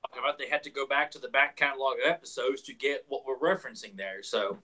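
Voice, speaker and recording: A man's voice: medium pitch, fast, bright, forceful tone. A man with a light Southern US accent, co-hosting a casual podcast and rambling through crude jokes. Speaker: podcast co-host. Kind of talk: casual chat.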